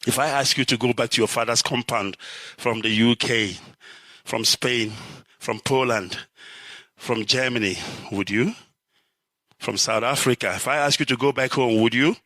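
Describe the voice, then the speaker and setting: A middle-aged Nigerian man giving an impassioned live address, swinging from shouts to low, urgent warnings. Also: fairly even intonation, normal speed, long pauses, no echo. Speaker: activist speaker.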